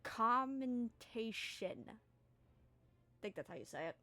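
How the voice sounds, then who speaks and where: A young woman game master narrates a tabletop game at an easy, slow pace. She talks loosely, laughs easily and swears in passing. Her slightly high voice is recorded dry and close. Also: lively intonation, dry recording.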